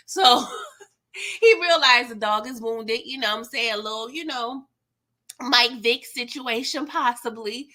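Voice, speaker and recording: Bright, chatty woman on a live recap. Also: a little high, normal speed. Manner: chatty and expressive, slangy, often laughing. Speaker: host of a live TV recap stream. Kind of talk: casual live recap, reading viewer chat.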